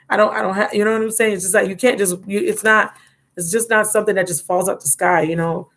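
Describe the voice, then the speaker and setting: A woman's voice: medium pitch, steady tone, fast talker, a bit bright. A woman in her thirties hosting a casual live-stream chat from home, rambling and talking straight to her viewers. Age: 30s. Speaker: tarot reader and channel host.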